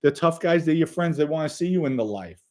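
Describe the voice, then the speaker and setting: A man's voice: a little high, animated, fast talker, darkish tone. A man on a podcast telling casual, blunt stories full of profanity, emphatic and speaking straight to young listeners. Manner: direct address to young listeners. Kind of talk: casual storytelling.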